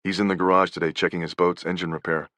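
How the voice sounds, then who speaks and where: A man reading nonfiction as an audiobook narrator, in a measured, even delivery. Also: low voice, dry recording.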